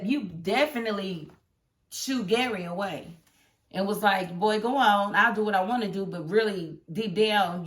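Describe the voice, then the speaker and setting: Sassy animated woman reviewing TV. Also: mid-range voice. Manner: animated, sassy, talks back at characters. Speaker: TV episode reviewer. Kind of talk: casual chat.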